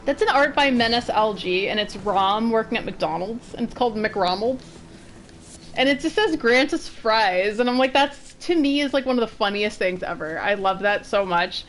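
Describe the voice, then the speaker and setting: A woman's voice: mid-range voice, expressive, moderate pace, a little hiss or hum. A woman from Massachusetts giving casual, rambling commentary while streaming a game. She laughs often.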